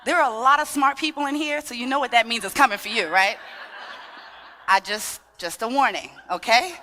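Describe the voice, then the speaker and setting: A bright, forceful woman with a sing-song Trinidadian-tinged New York lilt, playfully working a conference crowd. Her voice rings through a large hall with long reverb from the PA. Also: fairly high pitch, fairly quick, slight background noise. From Brooklyn, of Trinidadian family. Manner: sing-song, animated, playful, leads call-and-response. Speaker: dance workshop leader. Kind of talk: lively talk to a conference audience.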